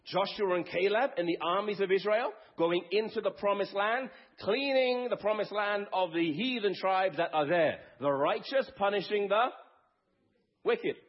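A male preacher with a high, husky voice delivers a dramatic sermon, swinging from loud to hushed. The recording sounds dull and lo-fi. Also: normal speed. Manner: dramatic, acts out scripture quotes with sweeping shifts in loudness.

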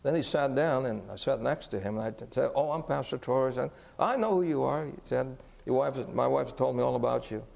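A man's voice: mid-range voice, fairly quick, vocal fry, few pauses, a little mellow. A man preaching as a pastor, telling a story earnestly and asking the congregation questions. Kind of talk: sermon storytelling. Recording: echoey hall.

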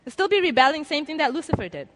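A woman with a fairly high voice delivers a sermon in an earnest, conversational way. She slips into quoted inner voices as she presses her appeal to the listeners. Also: big pitch swings, rapid-fire, fairly bright tone. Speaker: preacher. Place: lecture room before an audience.

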